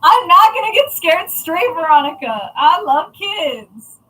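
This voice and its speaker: A woman's voice: very high-pitched, sing-song, a little slow, sharp tone, rough recording. A young adult woman chatting casually to viewers, blunt and chatty with frequent swearing. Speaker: crafting channel host.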